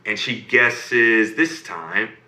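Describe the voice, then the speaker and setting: A man telling a bedtime fairy tale to a child, animated and often checking in with "okay?" and "right?", recorded in an echoey room. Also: medium pitch, extremely slow. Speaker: storyteller reading to a child. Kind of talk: bedtime story narration. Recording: roomy echo.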